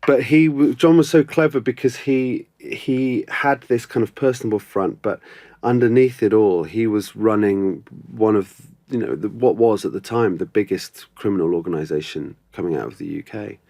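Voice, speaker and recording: A man's voice: lowish voice, moderate pace, creaky, warm tone, no room sound. A male actor chatting as a podcast guest, thoughtful, with many ums and restarts. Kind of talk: casual interview chat.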